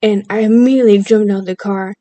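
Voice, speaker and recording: A woman's voice: medium pitch, steady tone, quick pace, mellow, dry recording. A woman vlogger casually telling a personal story, chatty and playfully overdramatic, laughing at herself now and then.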